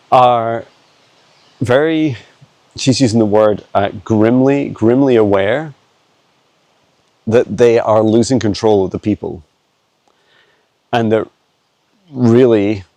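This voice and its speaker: A man, talking haltingly with many fillers as he channels answers while walking his dog in the woods, filmed on a handheld phone. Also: lowish voice, a little mellow, no room sound. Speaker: psychic channeler. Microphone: handheld phone camera.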